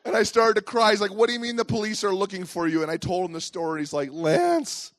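A man preaching a family service as pastor, telling a childhood story with acted-out voices and then turning quiet and earnest. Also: sits high, animated, quick pace, no room sound, studio quality. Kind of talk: family sermon with personal storytelling.

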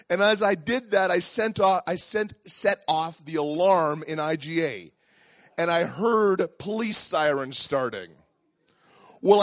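Lively storytelling pastor, a man. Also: high-pitched, dry recording, studio quality. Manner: lively, acts out voices in his story, then turns quiet and earnest. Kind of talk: family sermon with personal storytelling.

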